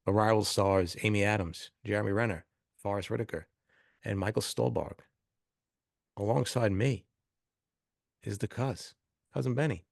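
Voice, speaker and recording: A man's voice: fairly low pitch, normal speed, creaky, long pauses, no room sound, studio quality. A man hosting a casual movie podcast, joking around as he reads the intro credits. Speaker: podcast host.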